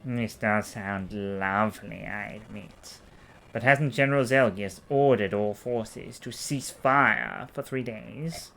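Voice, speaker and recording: A man voicing a haughty, scheming noble senator in a posh, drawn-out voice while reading a game aloud. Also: on the low side, gravelly, bright, forceful tone, slight background noise, full character voice. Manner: posh, sneering, drawn-out speech.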